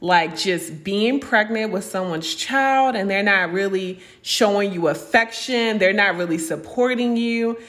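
A woman's voice: medium pitch, unhurried, hardly any pauses, fairly bright tone. A young adult woman hosting a podcast, talking frankly and with feeling about her own life, swearing freely and acting out what other people said to her. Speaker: podcast host. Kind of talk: candid spiritual podcast monologue.

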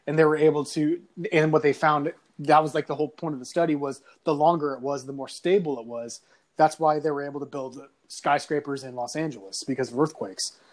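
A young man with a notably high-pitched voice rants through a high school grudge story, cursing freely and laughing as he goes. His delivery is animated and loose, like casual chat among friends. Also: a little fast. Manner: animated, swearing often, laughing through lines. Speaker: podcast guest telling a story.

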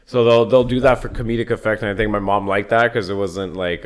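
A young man in casual chat, telling animated, profane stories and slipping into impressions. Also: fairly low pitch, fast.

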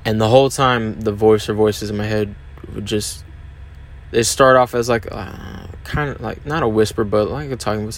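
A man with a somewhat low voice speaks alone on his podcast. He talks in a hesitant, confessional way, with frequent ums and restarts. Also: steady tone, normal speed, a little hiss or hum. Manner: hesitant, many fillers and restarts, open and confessional. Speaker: podcast host. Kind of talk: candid solo podcast monologue.

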